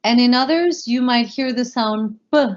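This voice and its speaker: A woman teaching a language class, explaining rules in a relaxed, conversational way with fillers. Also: a little high, normal speed. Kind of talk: explaining in a lesson. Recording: dull lo-fi sound.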